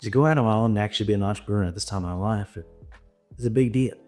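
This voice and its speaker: A man from Texas, a podcast guest telling stories in an animated way and acting out dialogue. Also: fairly low pitch, very fast, soft background music. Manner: animated, acts out dialogue in voices. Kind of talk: storytelling anecdote.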